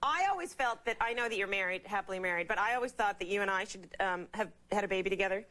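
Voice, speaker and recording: A woman's voice: mid-range voice, fast. A woman guest on a late-night talk show, bubbly and giggly as she tells comic stories. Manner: bubbly, giggly, animated storytelling. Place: television studio. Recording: noisy broadcast with loud studio audience.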